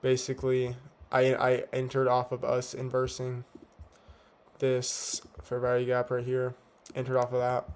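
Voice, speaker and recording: Young man with a slight lisp, flat delivery. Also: mid-range voice, a little slow, smooth. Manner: laid-back, slangy, filler-heavy. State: slight lisp from teeth strips. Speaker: day trader. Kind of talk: casual trade recap. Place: home at night.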